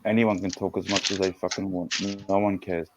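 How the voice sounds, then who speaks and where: A man's voice: sits low, level tone, fairly quick, noisy background. A man with an Australian accent, bantering on a live stream, teasing and swearing while repeating himself. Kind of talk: casual livestream banter.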